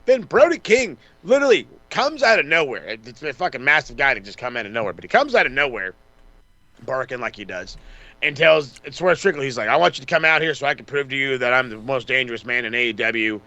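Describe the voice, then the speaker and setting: Excitable, profane man recapping wrestling. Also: mid-range voice, brisk, no room sound. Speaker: podcast co-host. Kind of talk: casual wrestling recap chat.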